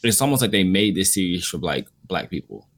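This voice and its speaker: A man's voice: sits low, a little fast, husky. A man in casual conversation reviewing an anime series, rambling loosely with lots of filler words. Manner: relaxed, rambling, frequent "like" fillers. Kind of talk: casual podcast chat.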